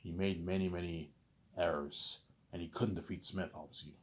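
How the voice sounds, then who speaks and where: A man's voice: deep voice, steady tone, normal speed. A man telling a story in a casual, rambling way, full of repeated filler phrases. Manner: rambling, repeats "you know what I'm saying".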